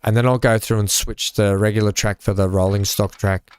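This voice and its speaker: A live-streaming gamer with a fairly low, clean-toned voice and little pitch movement talks fairly quickly while building in a game. He chats casually with viewers and reads chat, using many fillers.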